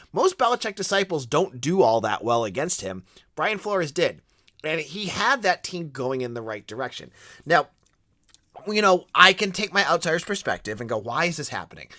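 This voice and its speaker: A man with a Boston accent talks through sports news as a podcast host, his voice bright and forceful as it swings widely in pitch. He is opinionated and casual, often restarting his sentences. The recording is dry and close. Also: dry recording.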